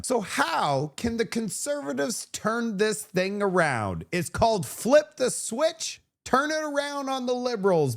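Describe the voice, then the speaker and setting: A man hosting political commentary with a sarcastic, animated delivery. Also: high voice. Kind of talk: opinion commentary.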